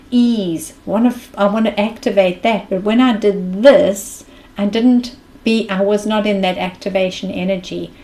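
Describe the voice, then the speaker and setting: A woman's voice: medium pitch, warm tone, rough recording. A woman with a South African accent giving a reflective mindfulness talk as a spiritual speaker, earnest and thinking aloud.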